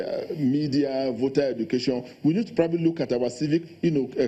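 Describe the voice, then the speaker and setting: A man, a guest in a TV studio interview, speaking quickly and insistently about policy. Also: mid-range voice, warm tone, slightly rough. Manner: fast, insistent, policy talk. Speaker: election official guest.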